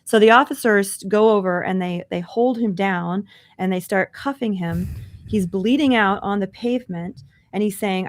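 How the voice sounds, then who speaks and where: A woman's voice: medium pitch, moderate pace. A woman co-hosting a podcast, earnestly recounting a news story in conversational commentary. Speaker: podcast co-host.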